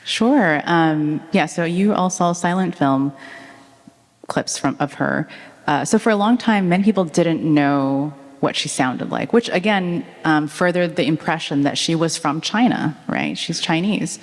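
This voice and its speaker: A woman with a notably low voice speaks onstage as the author being interviewed. She tells stories in a chatty, animated way, full of ums. Her voice carries a long reverb from the hall. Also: unhurried. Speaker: author guest at a book talk. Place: public talk at a museum event.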